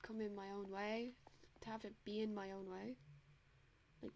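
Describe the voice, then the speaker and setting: A woman's voice: mid-range voice, level tone, normal speed, darkish tone, a little hiss or hum. A young woman with a Dublin Irish accent chatting casually over a game, rambling with lots of "like" and self-mocking asides. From Ireland. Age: young adult. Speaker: streamer. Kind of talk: casual gameplay chat.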